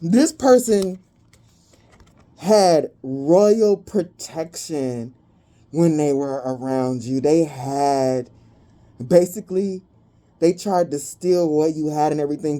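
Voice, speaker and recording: A woman's voice: a bass voice, steady tone, a little slow, warm tone. A woman giving a casual spiritual reading to her viewers, chatty and profane and prone to giggling. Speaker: spiritual card reader.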